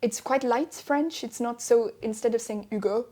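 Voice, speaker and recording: A woman's voice: on the high side, normal speed, mellow. Chatty young British woman laughing. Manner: chatty, laughing, playful storytelling. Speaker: voice actor guest. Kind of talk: casual interview chat.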